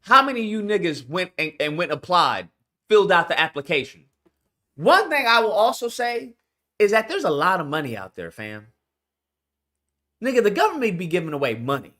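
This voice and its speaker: High, lively, bright-voiced male commentator. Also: normal speed. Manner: animated, incredulous, heavy profanity. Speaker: commentator reacting to clips. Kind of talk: profane livestream commentary.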